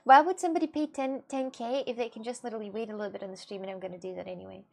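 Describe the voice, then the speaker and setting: A woman's voice: high-pitched, animated, quick pace, gravelly, few pauses. A woman chatting casually with her livestream viewers, rambling and giggling as she answers them. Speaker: streamer.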